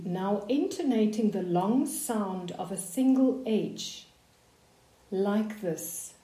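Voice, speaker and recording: Slow, calm woman coaching voice warm-ups. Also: medium pitch, roomy sound. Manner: slow, calm, soothing guidance. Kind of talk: guided voice warm-up instruction.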